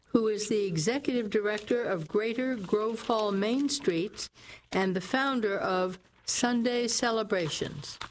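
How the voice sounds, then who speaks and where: Female reader, middle-pitched voice, brisk column reading, faint hiss behind. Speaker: newspaper reader. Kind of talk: reading opinion columns aloud.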